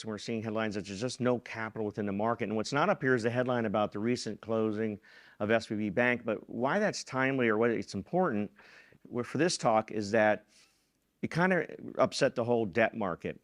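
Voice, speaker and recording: A middle-aged man giving a conference keynote on a stage, talking casually with fillers and restarts. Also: on the low side. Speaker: keynote speaker, venture fund president. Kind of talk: conference talk.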